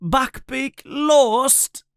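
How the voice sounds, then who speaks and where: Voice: high-pitched, lively intonation, very slow, creaky, a bit bright, clear, resonant tone, dry recording, pitched above the performer's own voice, heavily acted. A storyteller voicing a sarcastic schoolboy friend with a dry way of talking. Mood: glum.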